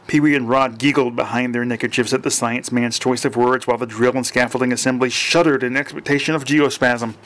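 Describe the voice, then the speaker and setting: This is a man reading a strange comic tale aloud at a mid pitch. He trips over words and goes back to fix them, then carries on without fuss. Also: flat delivery, quick pace, few pauses, a bit bright. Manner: unpolished reading with frequent restarts and self-corrections. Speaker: audiobook narrator.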